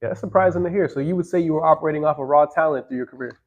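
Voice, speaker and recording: A man interviewing a guest, asking quick, encouraging questions. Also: a little high. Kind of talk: podcast interview. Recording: dull lo-fi audio.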